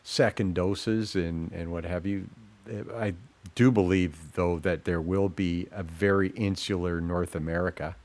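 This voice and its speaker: Deep voiced guy cohosting, laid back chat, jokes here and there. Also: steady tone, measured pace, darkish tone. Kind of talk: casual interview chat.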